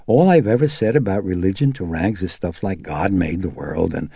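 A man voicing a flustered young female secretary who protests in rushed, stumbling bursts. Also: deep voice, mellow, husky, no echo, clean studio sound.

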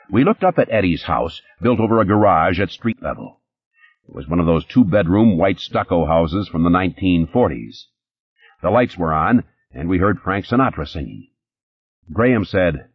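A man reading a first-person crime story in a hard-boiled, matter-of-fact way. His voice is very low and husky, yet lively in its rise and fall. The recording is dry and somewhat muffled. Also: no echo. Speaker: audiobook narrator.

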